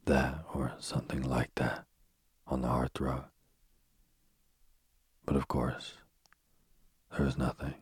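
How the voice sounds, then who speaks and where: A man narrating a ghost story aloud in a hushed, often whispered delivery. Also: level tone, takes it slowly, long pauses, dry recording. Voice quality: very deep, husky voice.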